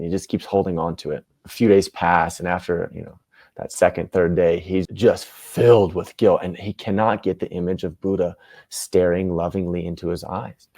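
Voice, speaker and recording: A man in his thirties, a guest in an interview, telling stories in an animated, self-deprecating way. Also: low-pitched, dry recording. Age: 30s. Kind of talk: casual interview storytelling.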